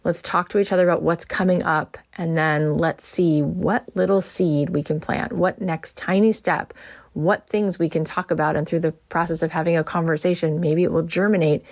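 Low gravelly woman podcast host. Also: fairly even intonation, normal speed. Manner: encouraging and earnest. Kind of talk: motivational podcast talk.

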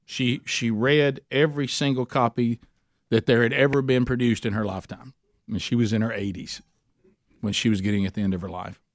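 A man's voice: medium pitch, dry recording, clean studio sound. A middle-aged man, telling a rambling, self-deprecating story at a men's Bible study, with many restarts. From Alabama.

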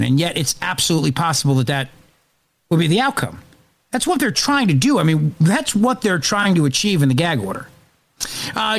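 A man filling in as host of a political talk radio show, speaking emphatically and indignantly in quick bursts. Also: a little high, fairly bright tone.

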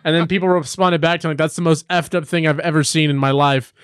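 A young man co-hosting a casual sports chat, telling rambling stories full of "um" and "like", jumping up in pitch when he gets worked up. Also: quick pace, clear, resonant tone, dry recording, clean studio sound. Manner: animated, rambling storytelling with many fillers. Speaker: podcast co-host.

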